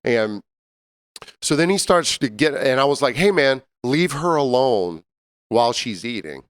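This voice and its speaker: A man, co-hosting a podcast and telling an animated, laughing story from his bartending job. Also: mid-range voice, measured pace, clean tone. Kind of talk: casual storytelling chat.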